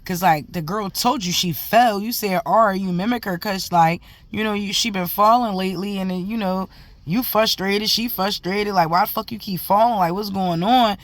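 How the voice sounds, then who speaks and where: A woman vents to camera as a mother, telling a story in emphatic, profane bursts. Her pitch sits in an ordinary middle range, and she talks casually and heatedly throughout. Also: moderate pace, dry recording.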